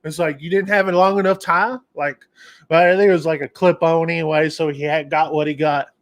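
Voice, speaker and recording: A man's voice: a little high, fairly even intonation, brisk. A man hosting a casual livestream, telling a rambling, digressive story. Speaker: trucking channel host.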